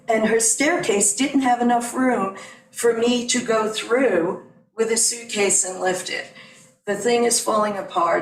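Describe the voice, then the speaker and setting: A middle-aged woman giving earnest, digressive public comment in support of a neighbor at a town meeting. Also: medium pitch. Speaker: neighbor speaking at a public hearing. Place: town meeting room at a podium. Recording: distant mic in an echoey room.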